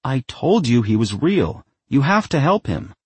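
Insistent young woman, raised pitch, pleading , played by a male narrator. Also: big pitch swings, unhurried, darkish tone, husky, no room sound.

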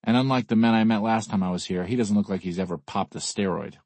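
Deep, husky male audiobook narrator. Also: quick pace, a little mellow, no echo. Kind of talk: first-person scripted narration.

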